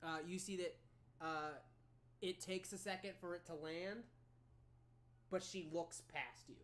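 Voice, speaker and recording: A woman narrating as game master of a tabletop game, halting with many ums and restarts. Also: lowish voice, fairly even intonation, a bit bright. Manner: halting, filler-heavy narration.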